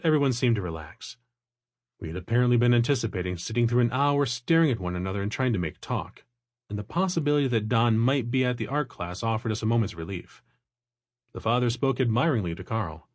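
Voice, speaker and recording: A man narrating a nonfiction audiobook in the first person, at a measured, even pace. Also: on the low side, no echo, clean studio sound.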